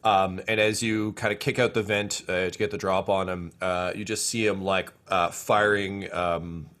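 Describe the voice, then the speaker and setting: A man's voice: sits low, level tone, moderate pace, fairly bright tone. Rambling man running a tabletop game. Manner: rambling, many fillers. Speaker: game master.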